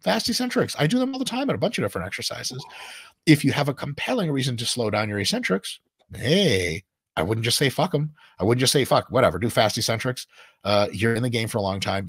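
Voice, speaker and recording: A middle-aged man, a guest expert, talking in a fast, emphatic and profane way in a casual discussion. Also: on the low side, slightly rough, no echo, clean studio sound. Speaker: guest expert on muscle training.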